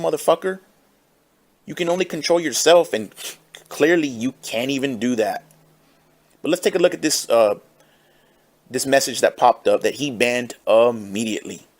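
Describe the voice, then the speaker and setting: A man giving sarcastic, insulting commentary, drawing out his words slowly for effect. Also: medium pitch. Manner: sarcastic, insulting, drawn-out delivery. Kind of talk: mocking reaction commentary.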